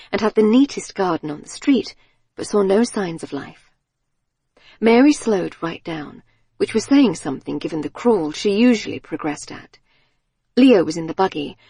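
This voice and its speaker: Woman, audiobook narrator, husky breathy voice, dry close sound. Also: medium pitch, darkish tone, dry recording. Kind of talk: scripted narration.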